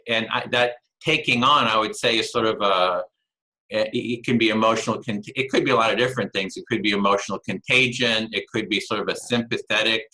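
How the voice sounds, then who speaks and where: A man hosts a conversational interview in a lowish, bright, forward voice. He thinks aloud as he goes, pausing on fillers and often restarting his sentences. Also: low-quality recording. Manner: halting, frequent restarts and fillers. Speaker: interview host.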